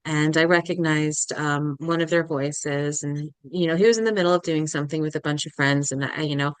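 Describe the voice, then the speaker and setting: Young woman, podcast guest, halting emotional storytelling, acts out quotes, lowish smooth voice, dry close sound. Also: steady tone, no echo. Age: young adult. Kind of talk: casual interview storytelling.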